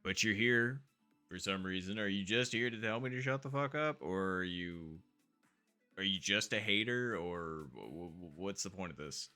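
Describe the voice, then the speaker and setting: Over soft background music, a low-voiced man talks at normal speed while live-streaming a game, his tone pushed and bright. He rambles along in a chatty way, with frequent fillers and self-asides.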